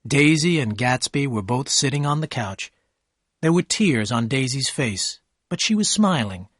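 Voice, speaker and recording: Male narrator, clear and measured, slow learner-friendly storytelling, mid pitch, dry read. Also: animated, a bit bright, no echo.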